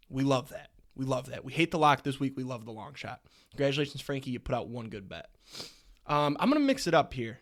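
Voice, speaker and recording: A young man hosting a sports podcast on his own, chatting casually with rambling, crude jokes. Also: medium pitch. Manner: joking, rambling, crude humor. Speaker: podcast host.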